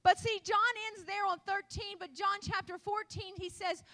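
High, bright-voiced woman preacher; retells scripture and plays its voices. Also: fairly even intonation, normal speed, few pauses. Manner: storytelling preacher, acting out Bible voices, rising to emphasis. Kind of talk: sermon.

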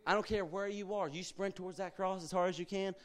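High-voiced young man preaching. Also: fairly even intonation, quick pace, smooth. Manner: earnest, exhorting, conversational with asides. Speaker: guest youth speaker. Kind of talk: informal church sermon. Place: church.

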